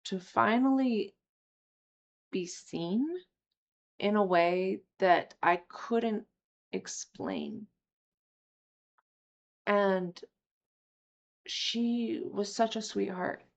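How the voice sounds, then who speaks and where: A young woman candidly telling a personal recovery story, emotional and quick to swear. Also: mid-range voice, vocal fry. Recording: slightly dull lo-fi audio.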